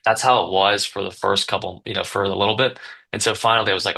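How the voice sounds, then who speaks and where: A man in his twenties talks in a lower register with a bright, forceful edge. He rambles through a story in a casual podcast chat and keeps circling back with fillers and restarts. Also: steady tone, fast talker, gravelly, rough recording. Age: 20s. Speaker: guest, business owner.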